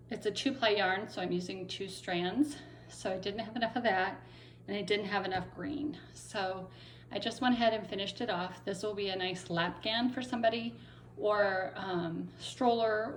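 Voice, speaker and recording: Chatty woman crochet vlogger, faint room hiss. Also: medium pitch. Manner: chatty, frequent ums, upbeat. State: recovering from laryngitis, lingering cough. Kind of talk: casual show-and-tell vlog.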